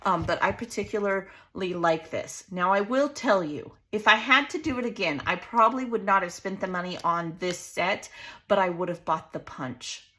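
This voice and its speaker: A chatty woman in her forties walks viewers through a craft project, a little hoarse. Her voice is bright and forward despite the roughness. She talks straight to the camera, easy and friendly. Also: mid-range voice, normal speed. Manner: chatty, laughs often, talks to viewers as "you guys". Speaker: crafting channel host. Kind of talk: casual craft tutorial.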